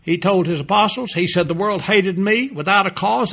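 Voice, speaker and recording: High, bright-voiced emphatic male preacher. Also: moderate pace, gravelly. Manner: emphatic, repeats key phrases, rises on quotes and drops low to close. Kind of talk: sermon.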